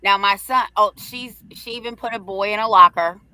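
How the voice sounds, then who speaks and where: Brash, bright-voiced storytelling woman. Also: medium pitch, normal speed, smooth, no room sound. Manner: brash and profane, animated storytelling with acted quotes. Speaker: live show co-host. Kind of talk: casual storytelling chat.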